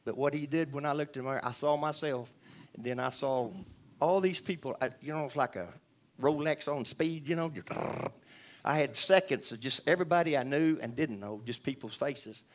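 A man's voice: medium pitch, normal speed. Rambling man giving testimony. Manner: rambling, earnest, with many restarts and asides to the audience. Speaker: church member giving testimony. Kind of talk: spoken testimony.

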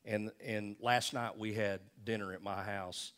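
Delivering a sermon from the pulpit, an older male pastor speaks in a low, steady, slightly bright voice at a somewhat slow pace. He chats with the congregation like old friends, using folksy asides and repeated phrases to drive points home.

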